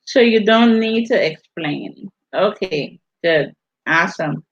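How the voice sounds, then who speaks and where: A woman with a Virgin Islands accent chats through a casual livestream and reads out viewer comments. She speaks in a slow, drawn-out way. Her audio sounds dull and lo-fi. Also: fairly low pitch, expressive. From US Virgin Islands (St. Thomas). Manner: unhurried, drawn-out delivery while reading viewer comments. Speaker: livestream host.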